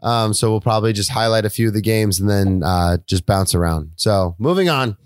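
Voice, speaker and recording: A man co-hosting a sports podcast, trading quick opinions and laughs with his partner in casual chat. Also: lowish voice, clear, resonant tone, no echo, studio quality. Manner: laughing, interrupting banter. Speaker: co-host.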